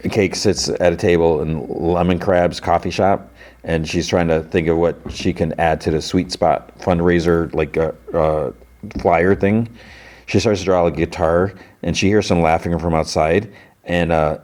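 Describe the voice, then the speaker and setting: A deep-voiced man hosting a podcast, recapping an episode in a relaxed, casual way. He rambles through the retelling with plenty of fillers. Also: unhurried. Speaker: podcast host.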